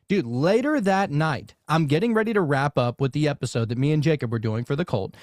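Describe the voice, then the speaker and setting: A man from Louisiana telling a long story in casual podcast chat, animated and swearing freely, with many fillers and restarts. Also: fairly high pitch, fairly quick, few pauses, no room sound, clean studio sound. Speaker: podcast guest.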